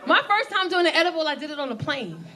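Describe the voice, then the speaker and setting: Woman comedian, fairly high voice, brash and profane, acts out voices, club crowd laughing. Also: very animated, fast talker, pushed and bright. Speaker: stand-up comedian. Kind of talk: stand-up storytelling. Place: comedy club stage with audience. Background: audience laughter.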